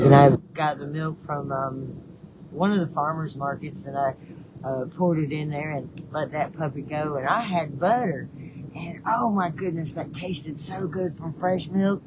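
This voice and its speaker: A woman's voice: low voice, very noisy. A woman chatting casually on a livestream, reading viewer comments in a rambling, folksy way and chuckling often. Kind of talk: casual live-stream chat.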